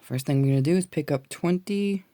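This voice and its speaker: A man with a gravelly voice hosting a casual beading tutorial, chatty and muttering to himself as he works, recorded on a phone. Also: on the high side, brisk, mellow, dry recording. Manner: chatty, mutters to self while working. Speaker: jewelry tutorial host.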